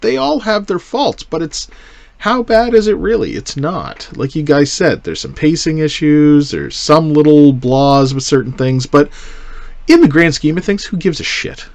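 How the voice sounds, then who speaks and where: Male podcast host, animated pitch, dry close sound, casual and profane. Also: measured pace, vocal fry, no echo. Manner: loose, profane, animated delivery.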